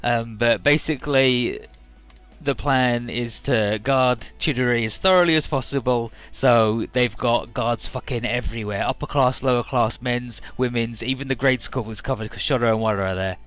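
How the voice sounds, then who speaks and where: A let's-play commentator casually recaps a game's plot, filling it with fillers and swearing and often slipping into quick mock voices for the characters. His mid-range voice is smooth and fairly bright, with faint music behind him.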